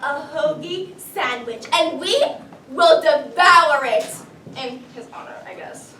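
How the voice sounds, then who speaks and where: A woman's voice: sits high, animated, slow. A woman performing a comic quest sketch with theatrical mock-archaic proclaiming. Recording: roomy, from a distance, loud crowd and noise behind.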